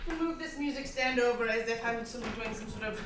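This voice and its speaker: A woman's voice: a little high, brisk, heavy background noise. A woman with a mock British accent doing character stand-up comedy on a festival stage, grandiloquent and pompous, often laughing at her own lines. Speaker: comedian performing a one-woman show. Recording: echoey hall, distant mic.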